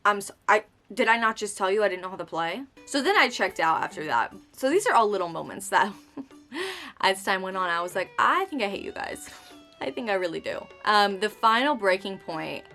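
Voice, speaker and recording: Bright-voiced young woman vlogging. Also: creaky. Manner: chatty, dramatic, acts out quotes with sudden high outbursts. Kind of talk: casual storytime chat.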